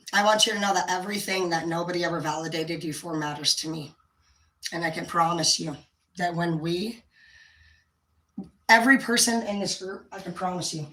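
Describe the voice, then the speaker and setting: A woman hosting a livestream, ranting to her viewers, swearing constantly and rambling, sometimes dropping to a low quiet tone. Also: roomy sound, poor audio. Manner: profane, heated, swearing constantly. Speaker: livestream host talking to viewers. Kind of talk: unscripted livestream rant.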